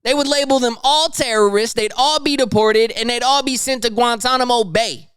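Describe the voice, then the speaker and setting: A man's voice: very high voice, moderate pace, a bit bright, clean tone, dry recording, studio quality. A young man hosting a podcast, ranting about the news in heated, slangy, profane casual talk. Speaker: podcast host. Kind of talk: casual news commentary rant.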